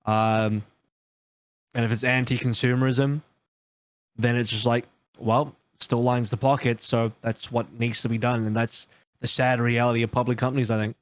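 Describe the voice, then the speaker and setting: Measured man reasoning on a podcast. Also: medium pitch, level tone, dry recording. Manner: measured, reasoning aloud with fillers. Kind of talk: casual podcast discussion.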